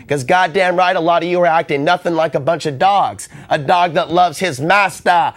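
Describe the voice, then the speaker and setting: A man hosting a call-in radio talk show, hoarse and ranting with passion. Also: a little high, moderate pace. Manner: impassioned, ranting.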